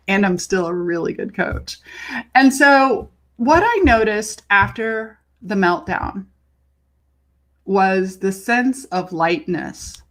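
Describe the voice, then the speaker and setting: A woman's voice: medium pitch, expressive, unhurried, fairly bright tone. A woman leadership coach speaking candidly and emotionally in a personal vlog, swearing casually and acting out quotes from herself and friends.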